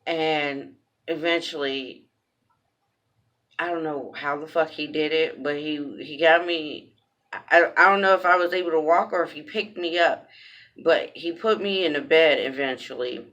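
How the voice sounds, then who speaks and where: A woman's voice: deep voice, a little slow, fairly bright tone, lo-fi sound. A woman telling a personal story in a casual vlog, cursing bluntly, repeating phrases for emphasis, raw and emphatic.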